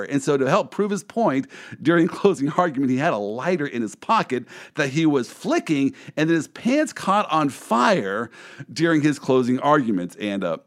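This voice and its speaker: A man's voice: a little high, very animated, normal speed. A man hosting a podcast, chatting casually and playfully with his guest and laughing often. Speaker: podcast host, lawyer. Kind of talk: casual interview chat.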